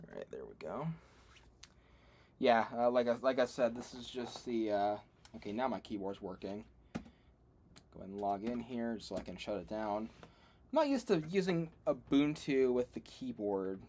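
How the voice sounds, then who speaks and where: A man's voice: medium pitch, lively intonation, normal speed, darkish tone. Rambling man testing old computers. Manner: rambling, self-deprecating, laughs often. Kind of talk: casual livestream commentary. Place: home room.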